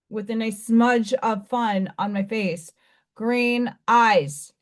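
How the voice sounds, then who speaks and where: A middle-aged woman hosts a casual livestream, her voice on the high side and her pace slow. She chats with viewers in a rambling way and greets them by name.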